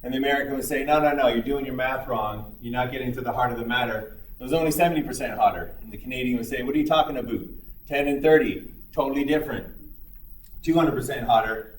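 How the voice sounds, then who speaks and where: A man lecturing in a classroom in a relaxed, conversational way. He speaks at a middle pitch, trails through fillers and acts out small dialogues. The recording is roomy, with the mic set well back from him. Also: recorded from a distance. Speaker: psychology lecturer.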